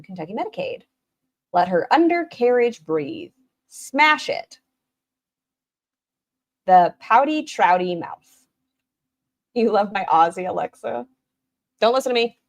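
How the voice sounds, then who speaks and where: Woman, stream host, snarky commentary, lively swooping pitch. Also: creaky. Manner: snarky, animated, mocking. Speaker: stream host reacting to a video. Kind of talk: casual commentary.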